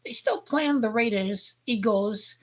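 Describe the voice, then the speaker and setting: A woman vlogger ranting crudely about football, rambling and heated, with sudden shouting outbursts. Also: on the high side, takes it slowly. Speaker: sports fan vlogger. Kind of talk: profane football rant.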